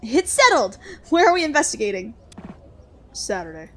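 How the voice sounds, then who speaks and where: A stubborn young heroine who talks in heated exclamations, as a woman reads her aloud in a game playthrough. Her voice is a touch high and quick to rise. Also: sing-song, a little hiss or hum.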